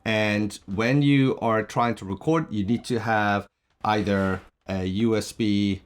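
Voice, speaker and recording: A man with a somewhat low voice talks through a product demo. He explains each button and port in a plain, matter-of-fact way, recorded on a shotgun mic. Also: fairly even intonation, slow pace, smooth. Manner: plain explanatory, pointing out features one by one. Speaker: product reviewer. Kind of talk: casual product demo walkthrough. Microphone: shotgun mic on a stand.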